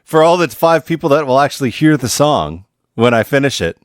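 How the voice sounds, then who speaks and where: A man's voice: medium pitch, sing-song, brisk, smooth, dry recording. Laughing, swearing man on a dry mic. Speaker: podcast co-host. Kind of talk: casual banter.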